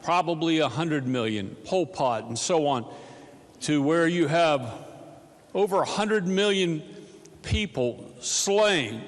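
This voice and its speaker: A man giving an emphatic, fervent floor speech as a state senator. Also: a little high. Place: legislative chamber. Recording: echoey legislative chamber.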